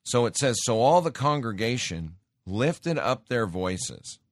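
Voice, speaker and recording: A man's voice: medium pitch, sing-song, a little slow, no echo, studio quality. A man preaching a sermon, reading scripture aloud and exhorting his listeners in an emphatic, direct way.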